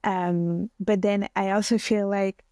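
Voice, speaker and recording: A woman's voice: medium pitch, steady tone, slow pace, warm tone, no echo. A woman speaking as a guest in a podcast interview, thoughtful and hedging as she shares her view. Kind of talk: conversational interview.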